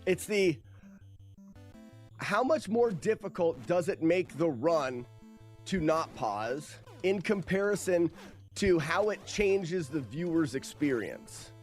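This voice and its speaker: A man's voice: on the high side, expressive, slow, soft background music. A man streaming a game and commenting casually, rambling and self-mocking, often laughing and swearing. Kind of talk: casual live gameplay commentary.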